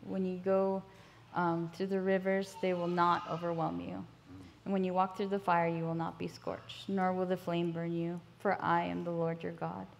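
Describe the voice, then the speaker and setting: Earnest woman with a gravelly, flat voice. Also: lowish voice, normal speed, a little hiss or hum. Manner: gentle, earnest, many ums. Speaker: guest minister. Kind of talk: reading scripture and prophetic words. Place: church sanctuary.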